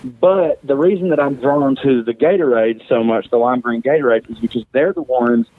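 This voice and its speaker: A man's voice: mid-range voice, lively intonation, a little fast, gravelly, dry recording, narrow, tinny audio. A man guesting on a podcast, telling a story casually, profane and self-mocking, laughing often.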